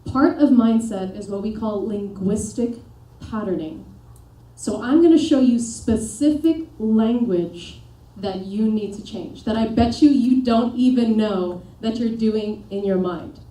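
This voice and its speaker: A fairly high-pitched woman leading a motivational seminar, rallying the crowd with questions and quick commands. Her voice has a mellow, soft-edged tone. It sounds distant and echoey, picked up from across a reverberant room. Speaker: peak performance coach. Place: seminar room with a live audience.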